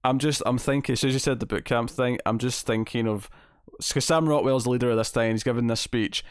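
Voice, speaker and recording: Reviewing a movie in casual podcast chat, this host rambles, restarting often and using many fillers. He talks fast in a steady, clean, mid-range voice, recorded in a clean studio with no room sound.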